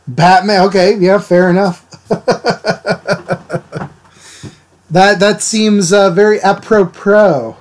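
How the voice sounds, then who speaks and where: A man's voice: high-pitched, steady tone, drawn-out words, long pauses. A man chatting casually with his livestream viewers while he inks drawings, rambling and laughing as he answers them. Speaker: art livestreamer.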